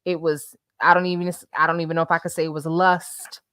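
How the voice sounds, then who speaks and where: Animated woman hosting a live stream. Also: deep voice, fairly quick, smooth, dry recording, studio quality. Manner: animated, laughs often, dramatic readings of messages. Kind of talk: casual live-stream commentary.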